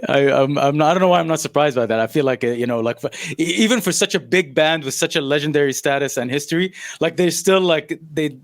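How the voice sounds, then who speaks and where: A man's voice: a little high, quick pace, few pauses, no room sound, clean studio sound. A man co-hosting a casual music podcast, rambling with many fillers and restarts. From Saudi Arabia. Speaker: podcast co-host.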